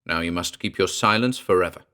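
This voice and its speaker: A man voicing an old, dignified talking cat who is the narrator's father, speaking gravely and formally. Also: deep voice, brisk, sharp tone.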